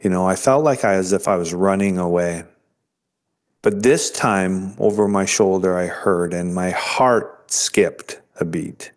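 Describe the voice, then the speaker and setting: A man earnestly recounting a life-changing experience as an interview guest, halting and restarting as he goes. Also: low-pitched. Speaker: guest sharing his testimony. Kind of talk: emotional storytelling.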